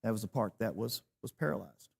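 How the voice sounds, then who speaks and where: A man's voice: fairly low pitch, animated, brisk, vocal fry, darkish tone, husky. Man in his sixties teaching a church class. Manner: storytelling with self-deprecating humor. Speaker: preacher.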